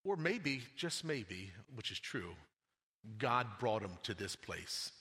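A pastor giving a sermon, swinging between raised emphatic lines and quiet low asides. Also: male voice, sing-song, slow, husky. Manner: preaching with dramatic swings in pitch and loudness. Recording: long hall reverb.

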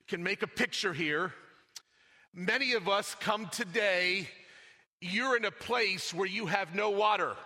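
A pastor giving a sermon, swinging between raised emphatic lines and quiet low asides. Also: male voice. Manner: preaching with dramatic swings in pitch and loudness. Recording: long hall reverb.

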